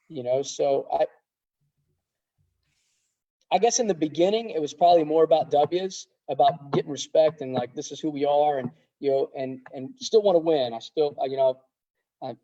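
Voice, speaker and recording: A middle-aged man, a high school wrestling coach, talking earnestly in a casual podcast interview, rambling with many restarts. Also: steady tone, moderate pace, dark tone. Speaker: head wrestling coach, guest. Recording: dull lo-fi sound.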